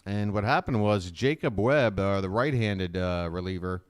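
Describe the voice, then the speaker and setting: His pitch is fairly low and his pace moderate. He's a man hosting a fan livestream, chatting and rambling through casual live play-by-play for his viewers as he watches, with many fillers.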